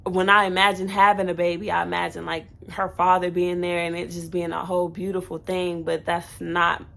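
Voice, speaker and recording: A woman's voice: fairly low pitch, flat delivery, brisk, vocal fry, bright, forceful tone. Candid young woman telling a storytime. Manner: candid, chatty, with fillers and self-corrections. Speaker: new mother telling her birth story. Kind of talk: casual storytime vlog.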